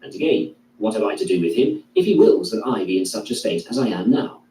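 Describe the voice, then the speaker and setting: Male reader, dark tone, measured declaiming delivery of a classical text; roomy, echoey recording. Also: lowish voice, lively intonation. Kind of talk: reading a classical philosophy text aloud. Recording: echoey room, distant mic, faint hum.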